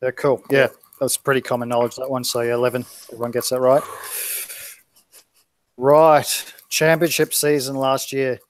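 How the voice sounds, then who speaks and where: A man's voice: medium pitch, little pitch movement, moderate pace, dry recording. A man hosting a live football quiz over a video call, reading out multiple-choice answers in a sing-song list. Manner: reads multiple-choice options out in a lilting list. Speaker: quizmaster. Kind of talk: live quiz stream chat.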